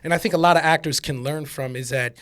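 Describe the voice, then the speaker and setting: A man's voice: a little high, fairly bright tone. A man hosting a casual podcast chat, often repeating words and using fillers as he gets his point across. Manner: halting, repeats words and uses many fillers. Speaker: podcast host.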